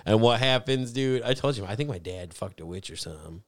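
A man's voice: fairly low pitch, fairly quick, dry recording, clean studio sound. A man in casual chat, telling a story animatedly, swearing often and acting out the people in it. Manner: animated storyteller, swears a lot, acts out voices.

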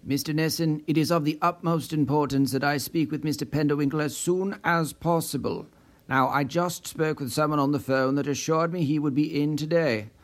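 A man voicing a brusque, insistent man who demands answers, in a lower, firmer voice than his own. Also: fairly even intonation, moderate pace, close to an everyday voice. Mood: urgent. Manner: forceful, insistent.

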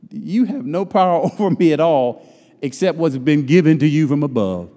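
Middle-aged male preacher, fairly high voice, chatty call-and-response sermon, long church reverb. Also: dark tone. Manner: conversational, teasing, call-and-response. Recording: long reverb in a large hall.

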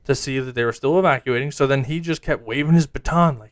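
A man's voice: medium pitch, quick pace, few pauses, no echo, clean studio sound. A man in casual conversation, telling events as a story and acting out what people said. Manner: animated storyteller acting out quotes. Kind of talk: casual chat.

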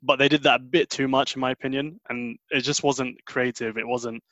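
A man's voice: mid-range voice, steady tone, brisk, fairly bright tone, no room sound, lo-fi sound. A man chatting casually, mocking and incredulous, with slangy phrasing. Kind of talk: casual chat.

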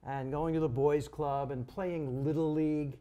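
A man's voice: fairly high pitch, fairly even intonation, a little slow, warm tone. An older man from Long Island, co-hosting a casual chat and telling stories with dry jokes. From Long Island, New York. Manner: dry joking storyteller. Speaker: co-host.

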